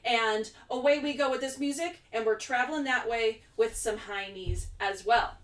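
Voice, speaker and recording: A woman's voice: a little high, moderate pace, fairly bright tone, reverberant, far from the mic. A playful, chatty woman hosting a live virtual show over a video call, talking the audience through each step. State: out of breath. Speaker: performer and host.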